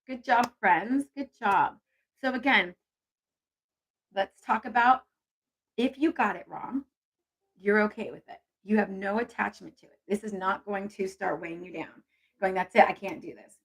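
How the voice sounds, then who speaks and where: A woman's voice: medium pitch, normal speed, slightly rough, low-quality recording. A woman hosting a casual live stream on intuition, chatty and encouraging as she reads viewer comments aloud.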